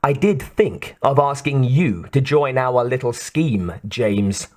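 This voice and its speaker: A man voicing a treacherous male villain who speaks low, slow and sly. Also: expressive. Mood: mocking. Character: smooth treacherous male villain, cool and mocking.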